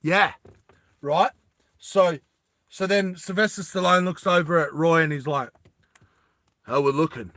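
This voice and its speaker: A man telling a story in a rambling, animated way, full of fillers and asides. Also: sits high, a little slow, pauses often, no echo. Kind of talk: improvised casual storytelling.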